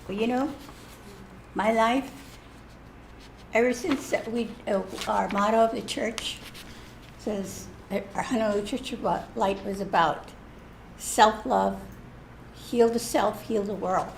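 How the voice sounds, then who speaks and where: A woman sharing a personal story at a church service in a lively, self-mocking way. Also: mid-range voice, takes it slowly, vocal fry, pauses often, a little hiss or hum. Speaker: church speaker. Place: church hall.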